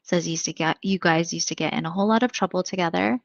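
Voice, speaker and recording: A woman's voice: lowish voice, quick pace, creaky, no room sound, lo-fi sound. A woman psychic medium giving a live reading in a chatty, thinking-aloud way, full of fillers.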